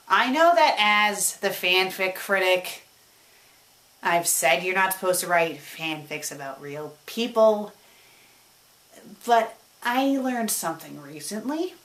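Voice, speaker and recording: A woman in a casual vlog, answering her viewers' questions as the creator of a web show. Her voice sits at a middle pitch. Her delivery is animated, moving between excited bursts and quieter stretches, and she often repeats a word when she stumbles.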